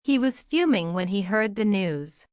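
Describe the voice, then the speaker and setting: A woman's voice: medium pitch, expressive, unhurried, a little mellow, clear, resonant tone, no room sound, clean studio sound. A woman reading English example phrases in a lesson, enunciating carefully and repeating each phrase. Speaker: English teacher.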